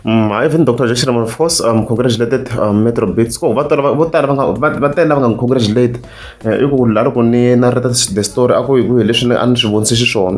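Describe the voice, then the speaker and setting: A man's voice: mid-range voice, darkish tone. A man, mixing English and Tsonga as he comments casually while scrolling through social media posts, humming and musing aloud. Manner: mixes English and Tsonga, hums and muses aloud. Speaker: entertainment commentator.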